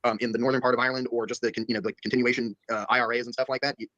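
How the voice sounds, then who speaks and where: Fast-talking man, filler-heavy political rambler, dry close sound. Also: medium pitch, level tone, sharp tone, no room sound, dull audio. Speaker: stream co-host discussing politics. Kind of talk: casual political discussion.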